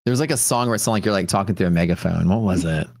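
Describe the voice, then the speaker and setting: A man's voice: low-pitched, very fast, creaky, darkish tone, no echo. A man hosting a casual livestream, rambling and repeating himself for emphasis, on a close studio mic in a sound-dampened room. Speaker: livestream host. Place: sound-dampened home streaming room with fiberglass panels. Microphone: close studio dynamic mic.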